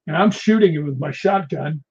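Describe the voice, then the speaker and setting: A man's voice: on the high side, normal speed, husky. A man guesting on an interview show, telling film set stories in a casual way and laughing often. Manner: animated storyteller, laughs often. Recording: dull lo-fi sound.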